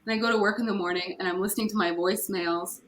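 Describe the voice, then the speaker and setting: A woman's voice: mid-range voice, steady tone, rapid-fire, fairly bright tone. A woman telling her personal story candidly as a podcast guest, with nervous laughs. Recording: echoey room with faint noise.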